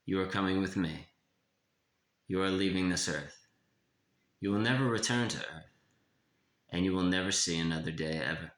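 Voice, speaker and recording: A man voicing Death, a grim male reaper who comes to collect him and speaks in a flat, matter-of-fact way, in an echoey room. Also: sits low, normal speed, long pauses. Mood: solemn.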